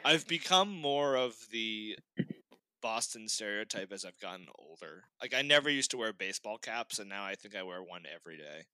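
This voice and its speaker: A man's voice: lowish voice, expressive, normal speed, bright, forceful tone, clear, resonant tone, dry recording, poor audio. A young man from Massachusetts in casual chat, rambling with plenty of fillers.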